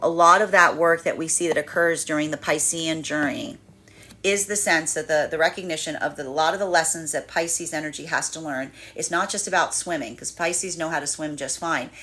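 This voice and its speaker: Woman, tarot reader, slightly low voice, rambling, restarts sentences, casual reading. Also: a little fast. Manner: rambling, self-correcting, animated when voicing others. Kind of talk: daily tarot energy reading.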